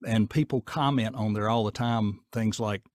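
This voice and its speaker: A man with a Southern accent, talking casually in an interview in a folksy, down-to-earth way with a gruff edge. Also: on the low side, fairly even intonation, normal speed, no echo, studio quality. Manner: folksy, down-to-earth, rambling with fillers. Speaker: voice actor guest.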